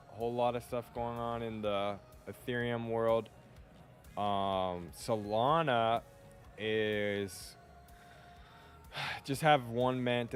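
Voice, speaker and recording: A man hosting a podcast, talking loosely and offhand with plenty of fillers. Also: on the low side. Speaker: podcast host. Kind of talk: casual chat.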